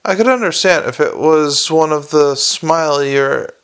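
A weary, impatient police commander, as a male reader plays him, brisk and dry in his replies. The voice is gravelly and pitched a touch high. He sounds like a storybook character who wants every conversation over with. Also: a bit bright. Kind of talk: audiobook character reading.

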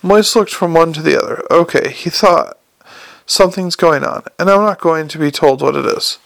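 A man reading an audiobook aloud in steady, scripted narration and voicing each character. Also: fairly high pitch, normal speed, gravelly, no echo. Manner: even storytelling, voices each character.

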